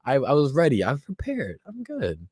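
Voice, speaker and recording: Pitched fairly high with huge swings, this man speaks at a moderate pace in a darkish, husky tone. He's a twentysomething host running a casual livestream, slightly tipsy, bantering loosely and reading chat comments. The sound is clean studio audio with no room sound.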